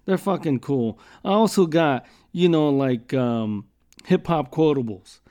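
Dude ranting and swearing on his podcast, kinda high-pitched, loose and jokey. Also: unhurried, dark tone. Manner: profane, rambling, joking storyteller. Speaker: podcast host. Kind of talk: casual rambling monologue.

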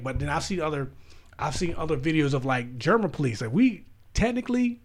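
A young American man with a husky, slightly rough voice, co-hosting a casual podcast chat. His pitch swings widely as he tells laid-back stories that often trail off. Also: expressive, brisk. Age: young adult. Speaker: podcast co-host.

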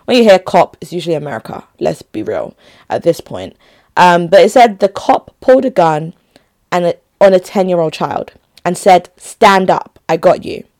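A woman's voice: fairly low pitch, expressive, moderate pace, warm tone. A young adult woman chatting casually to her viewers, emphatic and often restarting her phrases. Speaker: vlogger. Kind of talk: casual talk to camera.

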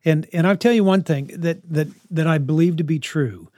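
Male parenting advisor, slightly high-pitched, earnest and coaching, dry close sound. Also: moderate pace, dark tone, dry recording. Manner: earnest, coaching, with frequent restarts. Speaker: parenting advice speaker. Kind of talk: answering parenting questions.

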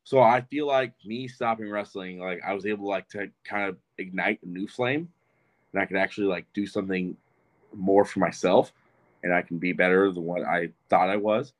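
A man's voice: low voice, normal speed. A man in his twenties, a podcast guest, telling a rambling, profane story in casual chat. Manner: rambling and profane, with frequent restarts.

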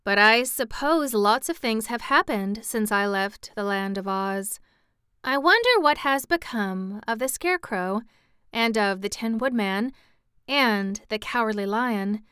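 An earnest little girl in a storybook, eager and insistent, as a woman reader puts her on. The voice sits higher and brighter than the reader's own, smooth and resonant, unhurried, recorded dry and close. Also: dry recording.

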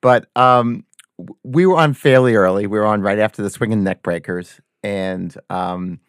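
A man's voice: fairly low pitch, normal speed, clear, resonant tone, no room sound, clean studio sound. A man, a band member, telling a story in casual chat and acting out the people in it. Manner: animated anecdote-telling, acts out quoted voices. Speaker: guest musician.

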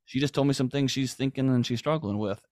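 A middle-aged man speaks in earnest, emphatic podcast talk, now and then acting out what people say. His voice sits at an ordinary pitch for a man. The sound is dry and close, with no room around it. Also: fast, darkish tone, no echo. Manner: earnest, emphatic, acts out quoted lines. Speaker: guest.

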